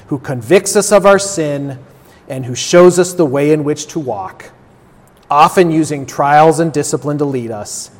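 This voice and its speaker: A male pastor preaches in a slow, deliberate cadence, stacking phrases with steady emphasis. His voice sits a little high for a man. The sound rings with the long reverb of a church sanctuary. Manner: measured, emphatic preaching with lists and repetition. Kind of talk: sermon and closing prayer.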